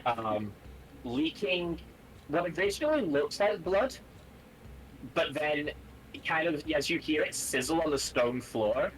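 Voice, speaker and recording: A man's voice: on the high side, expressive, unhurried, long pauses, a little hiss or hum, low-quality recording. A man narrating as game master of a tabletop game on a live stream, talking casually with plenty of fillers.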